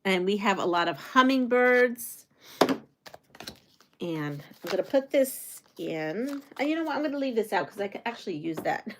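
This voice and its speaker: A woman's voice: mid-range voice, lively intonation, normal speed, background noise. Middle-aged lady rambling on a live craft stream, chatty, talking to her viewers. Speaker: quilting channel host. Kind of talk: casual livestream chat.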